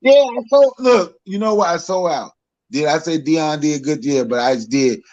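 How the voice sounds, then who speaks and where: A man's voice: a little high, expressive, normal speed, darkish tone, dull audio. Laughing Southern man on a phone. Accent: Southern American. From Mississippi. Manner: laughs often, chuckling between points. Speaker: guest. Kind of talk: casual podcast chat.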